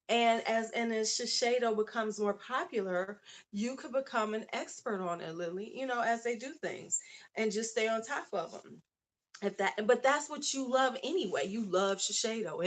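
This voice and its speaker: A woman's voice: fairly high pitch, lively intonation, normal speed. Beauty-channel host, woman with a lilt, chatty and off the cuff, answering her chat as she goes. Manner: chatty, reads chat aloud, asides to viewers. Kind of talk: casual live-stream chat.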